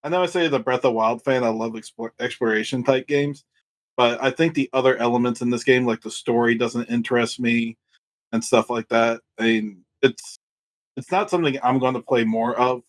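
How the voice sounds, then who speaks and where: A man co-hosting a casual gaming podcast, measured and fair, with hesitant restarts. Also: medium pitch. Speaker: podcast co-host.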